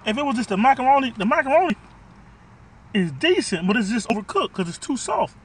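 A man's voice: very high-pitched, very animated, brisk, breathy edge. A man doing a casual food review vlog from his car, talking bluntly and profanely as he rants about the food.

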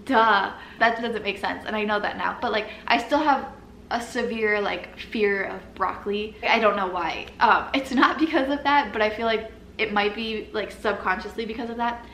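A woman's voice: mid-range voice, normal speed, fairly bright tone. A young woman telling a personal story in a casual, chatty way, filling her talk with "like" and nervous little laughs. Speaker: vlogger. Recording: echoey room with faint noise.

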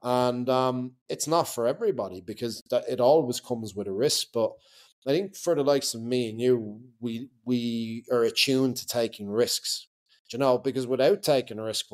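A man's voice: medium pitch, moderate pace. A man, a podcast guest telling his own story bluntly, swearing and laughing through it. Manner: blunt, profane, laughs while telling hard stories. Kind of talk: candid conversational storytelling.

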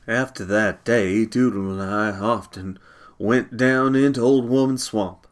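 A man reading a short story aloud, measured and unhurried. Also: on the low side, steady tone.

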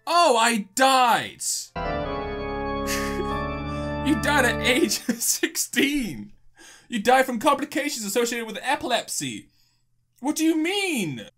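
A young man giving sarcastic, animated commentary while playing a life-simulator game and reading its text aloud. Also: sits high. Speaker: gaming YouTuber. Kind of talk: casual let's-play commentary.

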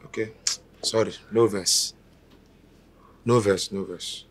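A timid houseboy. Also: male voice, on the low side, steady tone, takes it slowly, slightly rough. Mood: meek. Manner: hesitant, apologetic, stammering. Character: timid young male house servant, deferential. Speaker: house servant.

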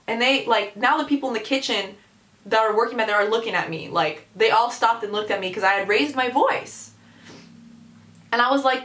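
Animated young woman telling a story. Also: fairly high pitch, brisk. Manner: animated, exasperated storytelling with many "like"s. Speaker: vlogger. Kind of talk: storytime vlog. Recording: echoey room.

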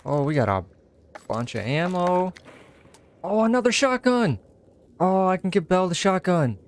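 A young man giving casual let's-play commentary, excitable, exclaiming and chatting to an in-game companion. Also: high-pitched, normal speed, slight background noise. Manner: excitable, talks to companion character, frequent laughs and exclamations. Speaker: gaming channel host.

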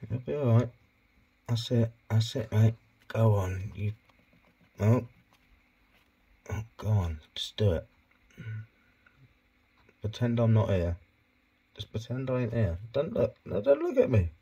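A man talking softly and coaxingly to his pet hedgehog in a casual vlog. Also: sing-song, slow, creaky, pauses often, husky, highs cut off. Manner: soft, coaxing, low-key murmuring to his hedgehog. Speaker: pet keeper vlogger.

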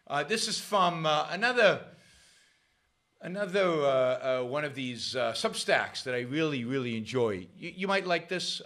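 A middle-aged man hosting a show, talking in a sarcastic, animated commentary with frequent restarts. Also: mid-range voice. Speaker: show host. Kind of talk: casual commentary monologue.

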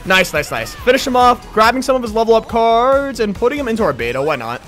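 Hoarse, sick gamer guy. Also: very high-pitched, soft background music. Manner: excitable, quick reactions, repeats short phrases. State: sick, losing his voice. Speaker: gaming YouTuber. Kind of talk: gameplay commentary.

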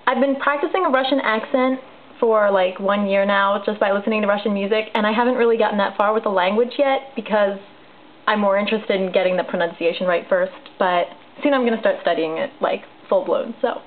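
A woman's voice: mid-range voice, brisk, narrow, tinny audio, a little hiss or hum. A woman talking casually to her viewers in a vlog, chatty and full of fillers. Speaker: vlogger. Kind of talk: casual vlog talk to camera.

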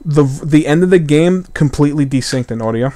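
A man's voice: on the high side, a little fast, warm tone. Chatty man narrating a video game. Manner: chatty, rambling with restarts and laughs. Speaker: host. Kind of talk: casual gameplay commentary. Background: game music.

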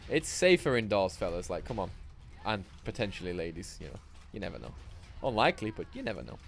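Man, game streamer, swears a lot, very lively pitch, rambling. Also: fast talker, vocal fry, slight background noise. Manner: sweary, rambling, self-mocking. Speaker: gaming streamer. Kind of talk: live gameplay commentary.

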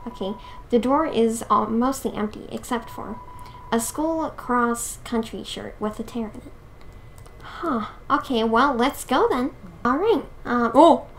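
A young woman in casual let's-play commentary, excitable and giggly, talking to her viewers. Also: on the high side, unhurried, slight background noise. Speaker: gameplay streamer.

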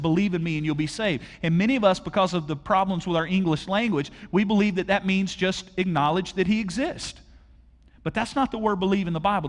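A man preaching a conversational sermon to a church audience, asking them questions directly. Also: sits high. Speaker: pastor. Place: large church auditorium. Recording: long hall reverb.

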